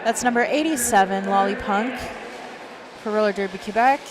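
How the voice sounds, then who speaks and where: A woman announcer calls a roller derby bout live, running through penalties and lineups with brisk efficiency. Her voice sits in an ordinary middle range. Loud venue noise carries behind every line. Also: mid-range voice. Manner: brisk, reels off player numbers and names. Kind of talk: live play-by-play commentary. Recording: noisy venue background.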